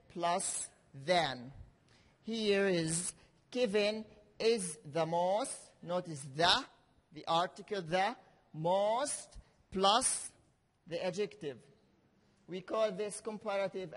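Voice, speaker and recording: A male teacher giving a classroom grammar lesson, speaking slowly and repeating key words for his learners. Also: sits high. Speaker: English teacher. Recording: reverberant classroom hall.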